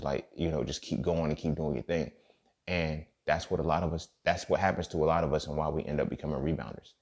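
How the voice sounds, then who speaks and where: An extremely low-pitched man with a darkish tone talks at a quick pace but keeps his tone steady. As a podcast host, he tells a personal story loosely, with slang, swearing, and many "you feel me" check-ins.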